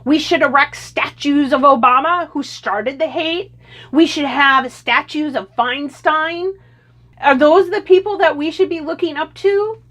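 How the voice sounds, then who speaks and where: A woman with a high voice lectures in an indignant rant, full of sarcasm. She talks straight at her audience like a political commentator. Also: measured pace, a bit bright. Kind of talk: opinion rant to camera.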